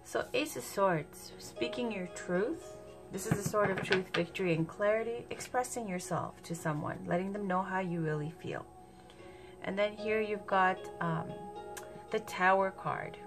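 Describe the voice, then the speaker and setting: A woman giving a casual tarot reading, talking in a chatty, unhurried way and thinking aloud as she goes. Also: mid-range voice. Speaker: tarot reader. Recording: music playing underneath.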